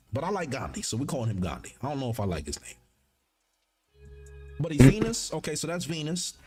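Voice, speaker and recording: Animated, high-voiced young man streaming. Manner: animated, joking, slangy, reads the text aloud in bursts. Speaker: streamer reacting to a manga chapter. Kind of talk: casual live-stream commentary.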